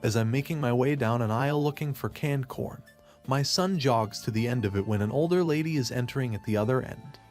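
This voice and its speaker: A man narrating a first-person story in a plain, steady way. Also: medium pitch, a little fast, faint music behind.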